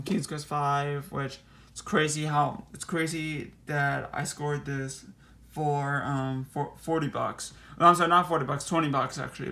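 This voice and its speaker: A man's voice: fairly high pitch, fairly bright tone. A young man casually touring his game collection in a small bedroom, rambling with many restarts and saying he is out of breath. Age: young adult. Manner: rambling, restarts, repeats 'actually' and 'crazy'. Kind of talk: casual room tour.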